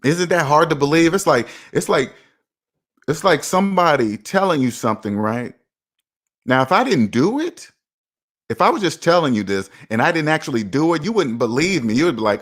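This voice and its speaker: A man with a fairly high, fairly bright, sing-song voice speaks fairly quickly as a personal finance vlogger giving a casual motivational monologue. He's emphatic and preachy, repeating points for effect and addressing his viewers directly.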